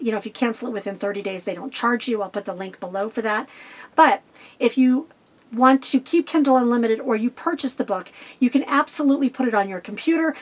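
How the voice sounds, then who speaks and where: A middle-aged woman vlogger answering viewer questions about her life on the road, talking fast and getting straight to the point. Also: a little high. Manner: fast, to-the-point talker who cuts out filler. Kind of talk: casual direct-to-camera Q&A.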